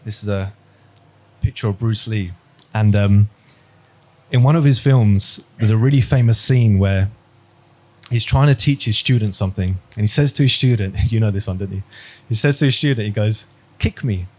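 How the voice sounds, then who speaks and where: A man's voice: lowish voice, normal speed, long pauses, darkish tone. Man, religious teacher on a video call, chatty question-asking style. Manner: conversational, quizzing students, storytelling. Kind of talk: online class lesson.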